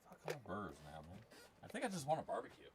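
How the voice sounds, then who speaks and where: A man's voice: on the low side, huge pitch swings, very fast, heavy background noise. A man hosting a gold prospecting giveaway stream, chatting casually with crude, rambling jokes. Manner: crude, rambling, jokey banter. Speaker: channel host running a giveaway. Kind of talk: casual livestream chat.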